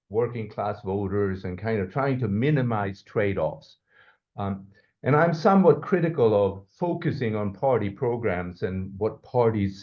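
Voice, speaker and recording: A low-voiced male professor answers questions on a podcast, thinking aloud and hedging as he goes. He often restarts his sentences, and the recording sounds dull and lo-fi. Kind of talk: academic interview answer.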